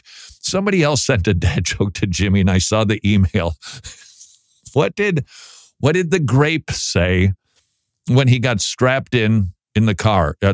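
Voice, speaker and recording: A man's voice: on the low side, dry recording, studio quality. A man hosting a Christian talk show, chatting wryly and reading listener emails aloud. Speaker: Christian radio host. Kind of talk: casual talk show commentary.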